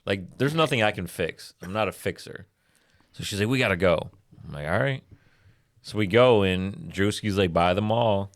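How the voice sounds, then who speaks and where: Deep-voiced laid-back man. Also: expressive, normal speed. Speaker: podcast co-host. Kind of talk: casual chat.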